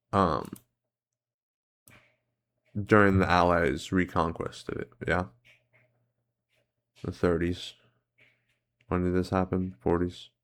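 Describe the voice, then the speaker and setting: A man hosting a guessing-game series, thinking aloud as he plays, hesitant, full of "um"s and self-corrections. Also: low-pitched. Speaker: host playing geography and history guessing games. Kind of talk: casual commentary while playing.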